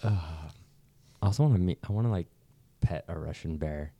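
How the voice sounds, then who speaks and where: A man's voice: low voice, a little fast, dry recording, highs cut off. A young American man chatting casually in a rambling, profane, self-mocking way. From United States. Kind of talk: casual chat.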